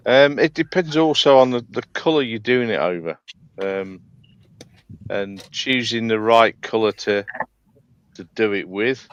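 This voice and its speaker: Joining a live panel by video call, a male scale modeller talks casually but hesitantly, with many ums and restarts. He has a lowish, clean-toned voice at a measured pace, recorded with no room sound but muffled.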